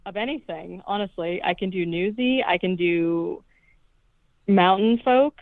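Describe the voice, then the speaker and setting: A woman co-hosting a podcast jokingly retells a movie's plot, quoting lines and swearing along the way. Her voice is fairly low and a little slow, with no echo. It comes through a dry, tinny, phone-like line.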